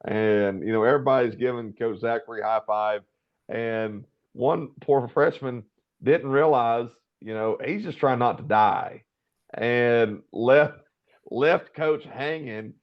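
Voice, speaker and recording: A man's voice: mid-range voice, slow pace, dull audio. Affectionate man host. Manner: warm, affectionate, storytelling. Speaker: podcast host. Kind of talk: casual interview talk.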